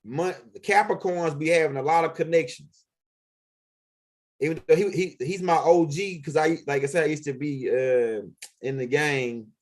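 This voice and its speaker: Man, casual storytelling monologue, somewhat high pitch, profane, rambling, repeats himself. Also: moderate pace. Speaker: vlog host telling stories.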